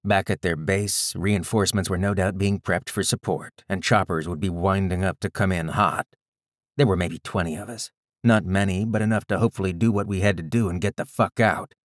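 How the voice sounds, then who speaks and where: A man reading a first-person story aloud in a measured, gritty storytelling manner. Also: low-pitched, steady tone, dry recording, clean studio sound. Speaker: audiobook narrator. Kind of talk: scripted first-person narration.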